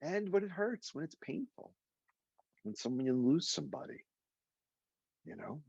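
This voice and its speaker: A man guiding a meditation group over a lo-fi call, his voice gravelly and husky. He talks in an animated, emotional way, and his pitch rises and falls a great deal. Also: moderate pace, dry recording. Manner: animated and emotional, with sudden high exclaimed quotes. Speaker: meditation teacher. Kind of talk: guided meditation session.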